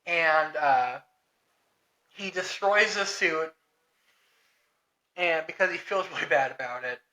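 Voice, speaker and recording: A man's voice: a little high, takes it slowly, pushed and bright. A man co-hosting a podcast, casually recapping a comic with jokes and laughter. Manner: joking, laughing, swearing. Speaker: podcast co-host. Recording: roomy sound.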